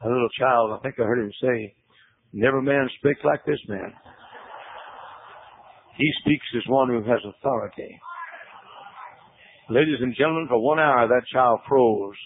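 Husky preacher on a tinny radio broadcast. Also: male voice, moderate pace. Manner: folksy storytelling, drops to low hushed tones. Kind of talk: sermon.

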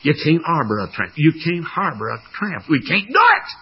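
A man preaching a sermon, voicing a poor, cautious father who apologizes that he cannot harbor a tramp, with a raspy voice. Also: on the high side, wildly swooping pitch, moderate pace, lo-fi sound, exaggerated voice. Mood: apologetic.

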